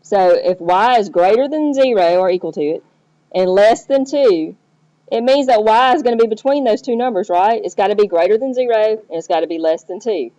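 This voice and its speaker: A woman's voice: mid-range voice, warm tone, no echo. A woman teacher explaining math step by step, checking in with the listener as she goes. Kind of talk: recorded math lesson. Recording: dull lo-fi recording.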